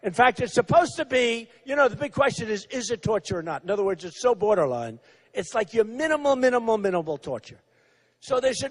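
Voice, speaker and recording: Older guy at a campaign rally, really high voice, rambling and repeating himself, mocks people. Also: very animated, brisk. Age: 60s. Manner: repetitive, rambling, mocking; acts out quotes of others. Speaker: political candidate.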